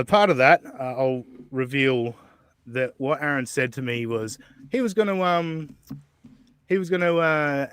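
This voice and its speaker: Here a man hosts a podcast, reading messages and chatting loosely with frequent swearing, chuckles, and filler words. His voice sits on the high side, a bit bright and smooth, with no room sound.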